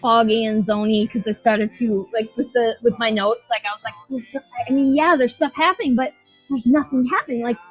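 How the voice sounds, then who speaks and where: A fairly high-voiced, husky woman talks through a show recap with loose, swearing asides and frequent laughs. The sound is dull and lo-fi, and faint music sits underneath her. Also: steady tone, a little fast. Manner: rambling, profane, laughing retelling. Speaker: podcast co-host. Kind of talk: casual chat reviewing a show.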